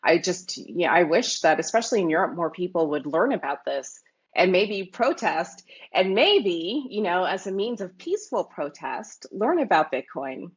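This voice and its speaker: A woman from Canada, a guest in an interview, who talks in a thoughtful, animated way with many fillers. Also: lowish voice, moderate pace, slightly rough, lo-fi sound. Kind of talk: casual interview talk.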